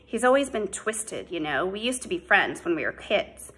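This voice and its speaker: A woman voicing a quick-tempered teenage boy in an audiobook, heated and accusing. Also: mid-range voice, sing-song, fairly bright tone, husky. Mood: defensive. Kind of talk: audiobook character voice.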